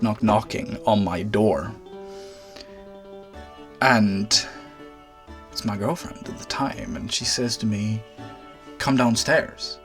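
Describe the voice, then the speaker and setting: Exasperated young man telling a story. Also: lowish voice. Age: young adult. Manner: exasperated, swearing, animated outbursts. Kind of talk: storytime vlog.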